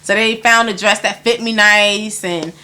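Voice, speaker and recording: A woman guest in an interview, telling a story in casual talk, animated and acting out other people's lines, swearing often. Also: medium pitch, measured pace.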